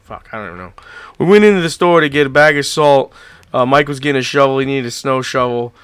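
A man's voice: medium pitch, quick pace, smooth, no echo. A man co-hosting a casual chat, rambling through stories with heavy swearing and lots of fillers. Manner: animated storytelling. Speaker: podcast co-host.

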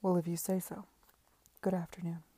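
A woman reading the part of an anxious, fretful gentleman in an audiobook, worried and pleading. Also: fairly low pitch, little pitch movement, normal speed, breathy edge, dry recording.

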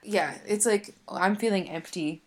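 A woman's voice: mid-range voice, a little slow. A woman co-hosting a podcast, talking in a chatty, reflective way about faith and using "like" a lot. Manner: chatty and reflective, heavy use of "like". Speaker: podcast co-host. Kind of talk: casual faith chat.

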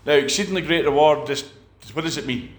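A man's voice: on the high side, fairly quick, echoey room. A man preaching a sermon, emphatic, with repeated phrases and restarts.

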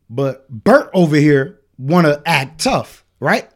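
A man's voice: a little high, sing-song, slow. A man hosting a podcast, telling a story in casual chat, swearing freely and acting out what the other people said. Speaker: podcast host.

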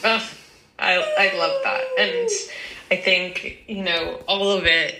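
A woman's voice: mid-range voice, huge pitch swings, slow pace, reverberant, rough recording. A woman co-hosting a podcast in casual chat, affirming and reflective, checking in with "right?". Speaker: podcast co-host.

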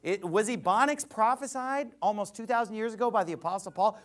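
A man preaching a sermon in an animated, mocking, emphatic way. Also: sits high, quick pace, few pauses.

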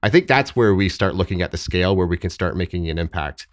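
A man speaking as a podcast guest, thoughtful and halting with frequent restarts and fillers. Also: low voice, expressive, no room sound, clean studio sound. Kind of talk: podcast interview.

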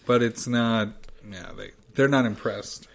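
A man from the United States chatting casually as a podcast co-host, giving relaxed, brief replies. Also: mid-range voice, a little slow, gravelly. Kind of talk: casual chat.

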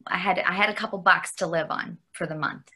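A woman from Canada, a guest on an interview, telling a personal story candidly, halting with fillers and restarts and laughing often. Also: on the low side, steady tone, pushed and bright, breathy edge.

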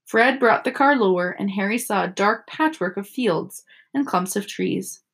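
A woman teacher reading a novel aloud to children, expressive and storytelling. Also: mid-range voice, normal speed. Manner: expressive storytelling with character voices.

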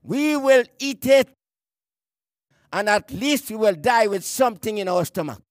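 A man preaching a sermon. He reads scripture aloud and preaches emphatically, slowing down to stress key words and sometimes repeating a word as he searches for the next one. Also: sits high, animated, no room sound, clean studio sound.

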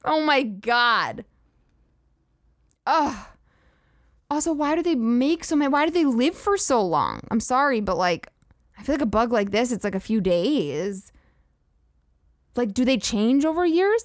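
In a clean, dry studio recording, a high-voiced woman hosting a podcast delivers a comedic rant. She's profane, sarcastic, and openly incredulous.

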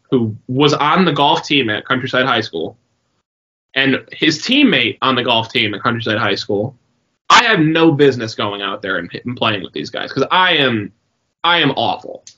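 Young dude rambling thru a story on a podcast, lots of swearing, bright sharp voice. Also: male voice, medium pitch, expressive, moderate pace. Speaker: podcast co-host. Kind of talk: casual chat. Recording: dull lo-fi sound.

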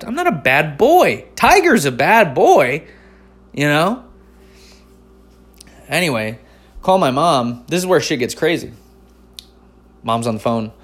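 A stand-up comedian man from North Carolina telling a long personal story, swearing often and swinging between loud outbursts and mumbled asides. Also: mid-range voice. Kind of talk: profane comic storytelling.

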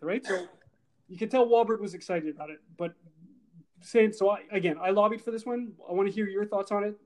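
A middle-aged man co-hosting a casual movie review podcast, animated, talking in quick bursts full of fillers and asides. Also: high-pitched. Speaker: podcast co-host.

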